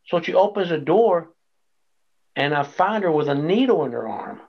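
A man's voice: a little high, normal speed, vocal fry. A man telling his life testimony in an interview, acting out the voices in his story. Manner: animated storyteller acting out quoted dialogue. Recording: dull lo-fi sound.

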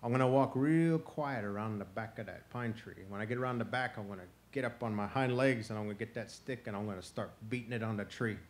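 A man voicing a clever, patient male box turtle who calmly talks others into his plans. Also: fairly low pitch, fast talker, few pauses, natural voice. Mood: calm scheming. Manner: calm, persuasive, coaxing.

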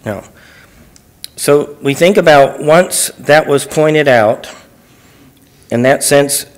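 A man's voice: a little high, takes it slowly. A man, a pastor in church, teaching through a Bible passage verse by verse, reading each verse aloud and explaining it phrase by phrase in plain, conversational words.

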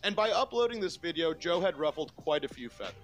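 A man narrating a comedy history video in a measured, explanatory way. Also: a little high, sing-song, soft background music. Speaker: comedy commentary YouTuber. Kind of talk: scripted reaction narration.

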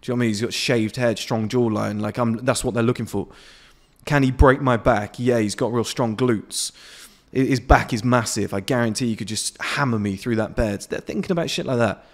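Brisk and medium-pitched, a man in his late twenties swears freely as he bluntly rants to the camera on his patio. It's an unscripted motivational piece from a vlogger who covers men's self-improvement.

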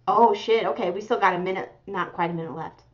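A young woman reacting to a music video, excitable and profane, gasping and exclaiming as she comments. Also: medium pitch, quick pace. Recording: slightly muffled audio with music playing behind. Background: music video playing.

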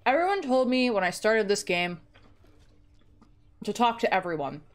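With big swings in pitch around a mid-range voice and a normal speed, a woman rambles jokingly about herself in casual gaming stream chat. She's at home, speaking close into a desk mic.

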